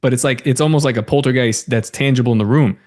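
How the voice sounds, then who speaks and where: A man who is a podcast guest, retelling a story in a casual, animated way. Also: medium pitch, fast talker.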